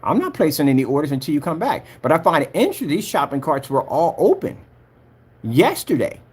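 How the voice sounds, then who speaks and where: A husky-voiced man rants straight at a rival in a vlog, repeating his jabs over and over. His pitch swings widely from low grumbles up to high, mocking peaks, and his tone stays scratchy throughout. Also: big pitch swings, fairly quick, darkish tone. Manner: taunting, repeats himself, talks straight at a rival. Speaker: projector screen maker vlogger. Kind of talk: heated ranting vlog commentary.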